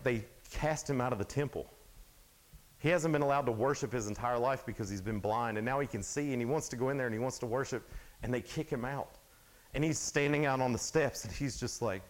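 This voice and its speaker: A young man preaching a casual youth sermon, retelling Bible stories in an animated way with lots of fillers. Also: mid-range voice, low-quality recording. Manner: animated storytelling, acts out Bible scenes; casual, filler-heavy talk with frequent "like". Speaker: youth speaker.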